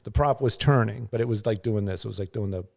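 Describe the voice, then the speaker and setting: A man's voice: lowish voice, fast, vocal fry, a little mellow. A middle-aged man, a news pilot and guest, telling a casual, rambling story full of fillers and restarts, and acting out sounds and quotes.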